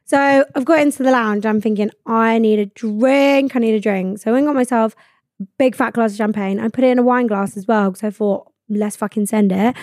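A woman's voice: a little high, quick pace, dry recording, studio quality. Swearing young woman telling a story. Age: 20s. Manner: animated, swears freely, acts out quoted exchanges. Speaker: podcast host. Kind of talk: solo storytelling chat. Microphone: studio podcast mic.

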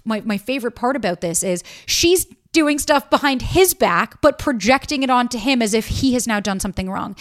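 A young woman hosting a solo podcast, talking bluntly and animatedly with frequent swearing. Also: medium pitch. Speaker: podcast host. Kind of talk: casual solo podcast talk.

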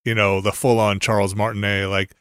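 A man's voice: fairly low pitch, flat delivery, brisk, a bit bright, clean tone, no echo, studio quality. A man hosting a podcast in casual chat, laughing often and trailing off into mumbles. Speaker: podcast host.

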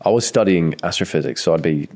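A man's voice: low-pitched, fast, darkish tone. A young man, co-hosting a casual podcast chat in a laid-back, dry way. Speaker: podcast co-host.

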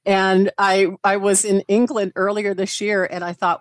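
A woman with a Southern accent, a comedian guest chatting casually and telling animated stories. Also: mid-range voice, measured pace, no room sound. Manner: animated storyteller, mimics voices. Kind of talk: casual interview chat.

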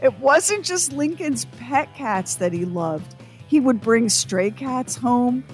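A woman's voice: a little high, lively intonation, slow pace, soft background music. Radio co-host woman, storytelling. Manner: storytelling, reads sponsor copy. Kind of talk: casual radio banter.

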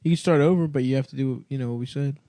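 A man's voice: mid-range voice, rapid-fire, warm tone. A man hosting a comedy podcast who chats casually, pushing and teasing his co-host and laughing often.

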